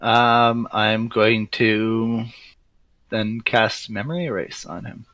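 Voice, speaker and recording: Low-voiced hesitant male player. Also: fairly even intonation, takes it slowly, fairly bright tone, poor audio. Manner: hesitant, lots of ums. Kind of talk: casual tabletop play.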